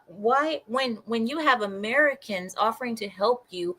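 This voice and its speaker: Woman ranting on the news, bright sharp voice, slow deliberate pace, keeps repeating herself. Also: on the high side, rough recording. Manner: exasperated, mocking, repeats herself. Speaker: political commentator. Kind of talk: reacting to news on camera.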